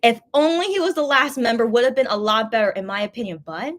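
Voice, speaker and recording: Bubbly, fast-talking woman. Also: fairly high pitch. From USA. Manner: gushing, excitable, many fillers and restarts. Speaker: channel host. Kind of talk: casual fan storytelling livestream.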